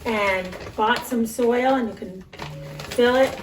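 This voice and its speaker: A woman kindergarten teacher speaking gently and coaxingly to young children, with a sing-song lilt. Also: a little high, takes it slowly, echoey room, slight background noise. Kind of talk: teaching kids over video.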